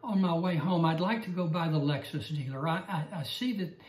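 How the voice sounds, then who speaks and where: A Bible class teacher voicing a pampered wife who coaxes her husband into expensive purchases, in a high, sweet tone. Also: brisk, darkish tone, reverberant, distant mic, lightly acted, low-quality recording. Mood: coaxing.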